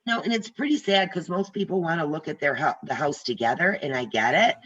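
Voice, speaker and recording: An older woman instructor talks to her trainees over a video call in a chatty, direct way, often telling stories from the job. Her voice is bright and forceful. The sound is slightly muffled. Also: low voice, animated, brisk. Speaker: real estate instructor. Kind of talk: casual teaching on a video call.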